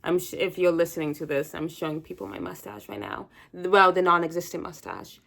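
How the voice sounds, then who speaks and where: A woman's voice: fairly low pitch, expressive, fairly quick, creaky, fairly bright tone. A young woman hosting a podcast, talking in a rambling, candid solo chat as if on the phone with a friend. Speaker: podcast host.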